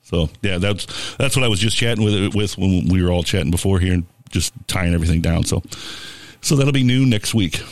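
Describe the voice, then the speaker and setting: A man's voice: low voice, fairly quick, dry recording. A young man hosting a radio show, chatting casually with lots of fillers and restarts. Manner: rambling, filler-heavy, laughs often.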